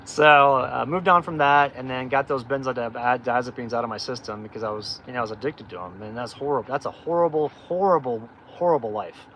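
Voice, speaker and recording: A man's voice: medium pitch, a little fast, hardly any pauses, pushed and bright, a little hiss or hum, rough recording. A middle-aged man hosting a livestream, telling his life story in a candid, rambling way with lots of fillers and restarts. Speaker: off-grid channel host.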